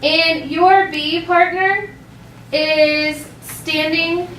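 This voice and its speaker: A woman teaching a classroom language lesson, modeling phrases slowly so students can echo them. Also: very high-pitched, fairly even intonation, fairly bright tone, a little hiss or hum. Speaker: elementary school teacher. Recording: echoey classroom from far off.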